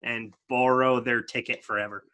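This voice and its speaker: A man hosting a podcast, chatting casually with a guest and often pausing on "uh.". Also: medium pitch, flat delivery, a loud crowd. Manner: easygoing, frequent "uh" fillers. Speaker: podcast host. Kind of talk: casual interview chat.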